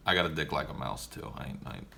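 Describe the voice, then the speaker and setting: Young male streamer, laid-back and foul-mouthed Q&A, with a bright, edgy tone and faint background noise. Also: extremely low pitch, lively intonation, quick pace, vocal fry. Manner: profane, joking and laid-back. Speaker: streamer answering viewer questions. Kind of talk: casual livestream Q&A.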